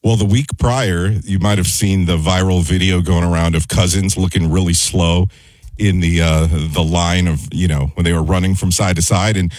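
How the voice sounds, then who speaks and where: A man's voice: low-pitched, fairly even intonation, moderate pace, darkish tone, no echo, low-quality recording. A man on a sports talk show giving earnest, upbeat team analysis in casual studio chat.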